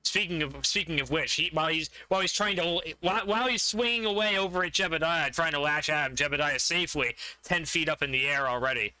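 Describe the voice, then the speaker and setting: A man's voice: fairly high pitch, quick pace, few pauses, bright, forceful tone, clean tone, no room sound, soft background music. A man narrating a tabletop game as game master, describing the fight vividly and laughing often.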